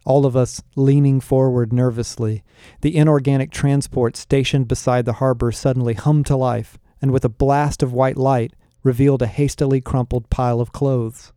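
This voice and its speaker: A man narrating a first-person audiobook with an even storytelling delivery. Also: medium pitch, moderate pace, smooth, no room sound, studio quality.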